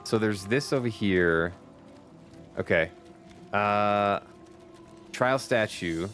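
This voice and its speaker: A man speaks very slowly and pauses often while streaming a game, his voice on the low side but fairly bright in tone. He chats casually with his viewers, laughing frequently and occasionally cursing. Faint background music can be heard.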